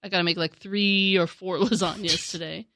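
A woman with a bright, clear voice tells stories on a podcast. She laughs often and acts out what others said. Her voice sounds close and dry, with no room sound. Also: lowish voice, normal speed, no room sound. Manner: animated storytelling, laughs often, acts out quotes. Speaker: podcast co-host. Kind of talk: casual chat.

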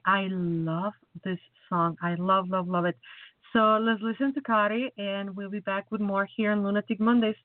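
A woman hosts a radio talk show over a tinny, phone-like line that sounds dry and close, with no room around it. She speaks gratefully and a bit haltingly, pausing on fillers. Her pitch sits in an ordinary middle range. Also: dry recording.

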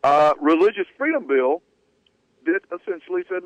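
A man co-hosting sports talk radio tells a story in a loose, conversational way, hedging with fillers. His voice is on the high side with big pitch swings at normal speed, and the audio is dry, tinny and phone-like.

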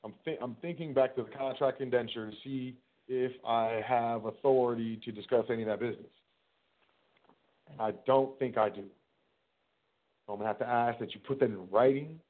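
A man's voice: mid-range voice, fairly even intonation, moderate pace. A man hosting a casual solo talk, rambling and repeating words as he acts out little conversations. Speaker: host. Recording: tinny phone-like sound.

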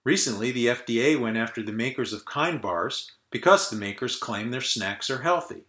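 A man's voice: medium pitch, expressive, moderate pace, bright, forceful tone. A man in his fifties from the northern United States, hosting a solo podcast rant in a dry, sardonic way. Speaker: podcast host. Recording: roomy echo.

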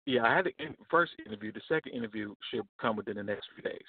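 A man's voice: mid-range voice, lively intonation, quick pace, creaky, breathy edge, no echo. A man from Michigan calling in to a radio show, speaking hesitantly with fillers and restarts. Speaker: caller. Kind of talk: phone call-in. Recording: tinny phone line.

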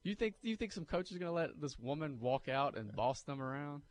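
A man co-hosting a sports radio show, telling movie scenes in a lively, animated way. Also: medium pitch, fast, few pauses. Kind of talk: casual sports talk.

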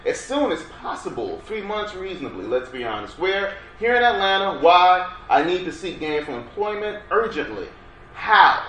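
Energetic man lecturing in a roomy hall. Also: sits high, normal speed. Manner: energetic, coaxes audience to respond. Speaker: workshop presenter. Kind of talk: interactive workshop lecture. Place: workshop room. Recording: roomy room sound, faint background noise.

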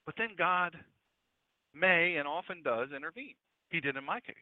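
A man preaching a radio sermon, animated and storytelling with humor, over a dry, tinny radio broadcast line. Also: a little high, moderate pace, no echo.

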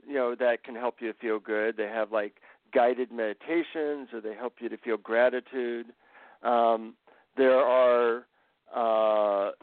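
A man, a guest author, telling relaxed stories in a casual interview. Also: medium pitch, no room sound. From America. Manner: relaxed anecdotal storytelling. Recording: tinny phone line.

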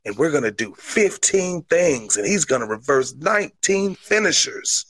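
A man's voice: on the high side, big pitch swings, normal speed, a bit bright, no room sound. A man playing a cocky, self-hyping wrestler, delivering an overblown mock-serious promo.

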